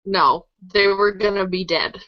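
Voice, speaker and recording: A woman's voice: medium pitch, unhurried, dry recording. A woman co-hosting a podcast, speaking casually and hesitantly, often unsure of herself. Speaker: podcast co-host. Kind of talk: casual discussion. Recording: dry, dull lo-fi audio.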